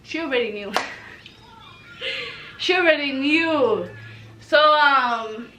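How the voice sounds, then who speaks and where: A young woman in a casual storytime vlog, her voice high and bright. She tells the tale in an animated, loose way, swears without a second thought and slips into quoted lines as she goes. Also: takes it slowly, a little hiss or hum, poor audio. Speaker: storytelling vlogger.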